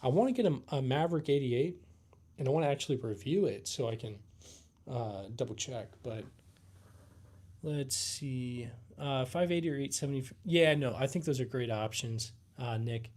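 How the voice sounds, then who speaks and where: A man hosting a live Q&A stream, sounding tired and yawning between thoughts. His talk is laid-back and halting, full of fillers and restarts. His voice sits at an ordinary middle pitch. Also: lively intonation, darkish tone. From United States. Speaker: livestream host.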